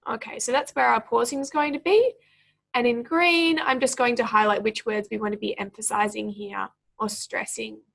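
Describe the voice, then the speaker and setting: Gravelly-voiced woman tutoring pronunciation. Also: on the high side, fairly even intonation, fairly bright tone. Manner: clear, deliberate teacher reading aloud. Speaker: speaking tutor. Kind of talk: exam prep lesson.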